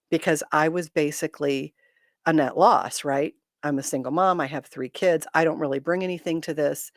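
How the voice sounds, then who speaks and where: A woman's voice: low voice, no echo, studio quality. A middle-aged woman hosting a casual livestream chat, speaking candidly with self-deprecating humor and reading viewer comments aloud.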